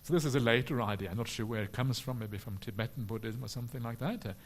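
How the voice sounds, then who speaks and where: A man, a Buddhist monk, answering questions at a retreat in a relaxed, humorous way with many "uh" fillers. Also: medium pitch, fast talker. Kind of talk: dharma talk question and answer.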